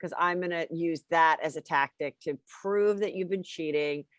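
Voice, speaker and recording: A woman hosting a podcast, low in pitch for a woman, asks blunt, probing questions in casual chat. Her voice sits close and dry, with no room sound around it. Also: normal speed, no room sound. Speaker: podcast host.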